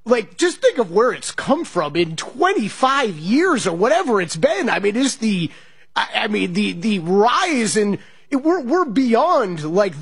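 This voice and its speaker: A man co-hosting a sports radio show, talking casually in an excitable, halting way with many restarts. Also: sits high, slightly rough, no room sound. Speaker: radio co-host.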